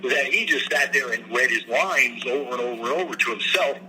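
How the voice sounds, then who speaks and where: A man talks in a loose, storytelling way, and his voice has a sharp, bright edge. He sounds animated as he describes people he has worked with. A faint hiss sits under the recording. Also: mid-range voice, a little fast, poor audio. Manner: animated, slips into impressions. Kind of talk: casual storytelling chat. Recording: faint background noise.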